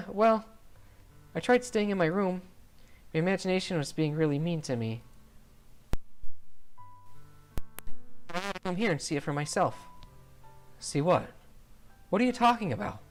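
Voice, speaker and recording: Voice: animated, normal speed, pauses often, faint music behind, close to an everyday voice. A streamer voicing a cheerful but fragile teenage girl in a visual novel, reading her lines in a raised, bubbly voice that can turn tearful. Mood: gentle. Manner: high, bubbly, turning tearful. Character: cheerful, fragile teen girl with sad depths.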